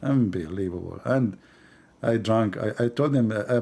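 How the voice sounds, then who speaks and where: A man hosting a live stream, talking in a mocking, animated way with sudden drops to a mutter. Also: lowish voice, moderate pace, vocal fry, breathy edge.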